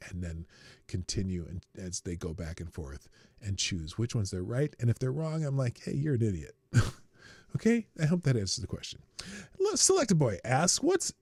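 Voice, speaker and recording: A man's voice: no echo, clean studio sound. A man hosting a live stream, reading viewer questions and answering them in a blunt, profane, joking way, often laughing at himself. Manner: profane, blunt, laughs at his own jokes, swings from low mutter to loud outbursts. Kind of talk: casual unscripted chat.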